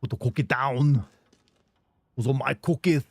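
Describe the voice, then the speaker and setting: A man putting on the voice of a musclebound action-movie hero, shouting drawn-out catchphrases. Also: mid-range voice, creaky, slightly rough, no echo. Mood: bellowing.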